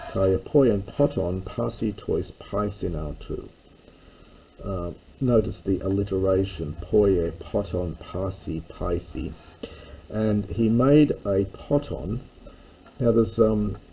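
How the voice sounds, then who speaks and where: Slow, deep-voiced man teaching Bible Greek. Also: warm tone, breathy edge, poor audio. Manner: unhurried, thinking aloud with fillers and self-corrections. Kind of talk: verse-by-verse Greek lesson.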